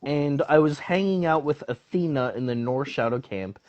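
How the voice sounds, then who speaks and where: A man chatting as a podcast guest, telling a loose, meandering story. His voice sits at an ordinary middle pitch, and he keeps reaching for "like" and "uh" as he goes. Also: normal speed, a little mellow, lo-fi sound. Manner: rambling, heavy on fillers. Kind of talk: casual storytelling.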